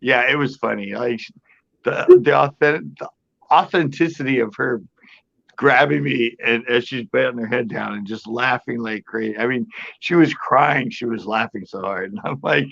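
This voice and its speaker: A man's voice: mid-range voice, normal speed, creaky, dull audio. A man chatting casually on a podcast panel, telling a story with lots of laughter and acted-out quotes. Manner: animated storyteller, acts out quoted voices, laughs a lot.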